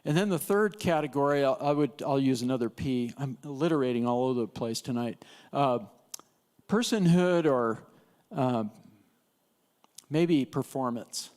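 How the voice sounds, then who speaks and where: A man's voice: medium pitch, moderate pace, darkish tone. A man teaching an evangelism class at church, telling stories in a chatty way with laughs and restarts. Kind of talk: casual storytelling lesson.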